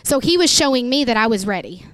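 A woman's voice: a little high, lively intonation, fast talker, dry recording, studio quality. A woman pastor, preaching an emotional, emphatic sermon.

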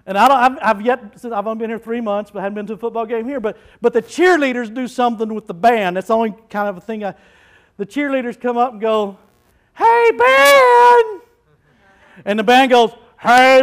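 A male pastor preaching a lively sermon, rising to shouts as he quotes scripture. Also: extremely high pitch, brisk, poor audio.

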